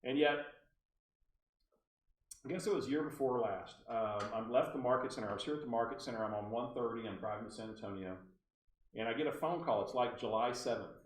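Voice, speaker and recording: A man's voice: mid-range voice, fairly quick, recorded from a distance, a little hiss or hum. Man telling stories in a roomy room. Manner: animated storyteller with frequent asides to the room. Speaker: real estate trainer. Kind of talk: storytelling training talk to agents. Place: meeting room at a real estate office.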